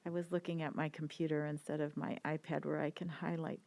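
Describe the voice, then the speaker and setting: A woman's voice: sits low, level tone, brisk, a little mellow. A woman city councilor asking a question at a meeting, hesitant and apologetic as she searches her notes.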